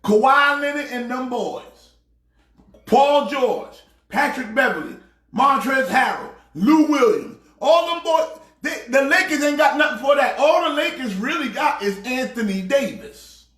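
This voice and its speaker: A man doing a shouting high-pitched pastor. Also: animated, measured pace, echoey room, full character voice. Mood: ranting. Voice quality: preachy, shouting rant. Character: loud excitable male pastor sports fan. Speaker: comedic sports pastor character. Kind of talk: comedic sports rant.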